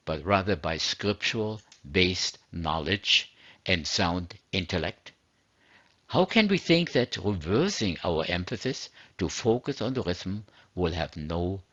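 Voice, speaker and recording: A man reads a sermon in a measured, earnest way. His voice sits low and husky. The recording is dry and dull. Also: fairly bright tone, no echo. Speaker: religious teacher. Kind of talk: scripted sermon narration.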